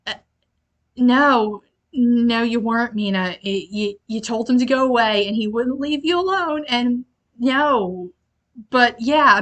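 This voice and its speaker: A woman's voice: fairly high pitch, fairly bright tone. A young woman hosting a casual book review, exasperated and rambling with many fillers. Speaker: library video host.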